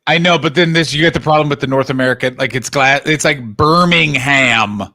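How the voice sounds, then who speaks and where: A man co-hosting a live stream in casual chat, animated and profane, laughing often. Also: medium pitch, a little fast, a little hiss or hum. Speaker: stream co-host.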